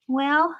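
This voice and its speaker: Slow-talking woman chatting while painting. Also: sits high, dull audio. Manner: warm, gushing, laughs often. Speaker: art vlogger.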